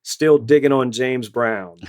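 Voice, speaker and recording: A man's voice: medium pitch, slow pace. Middle-aged Louisiana man, retired band director, rambling friendly storyteller. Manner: storytelling, many repeated words and fillers. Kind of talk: casual interview answers.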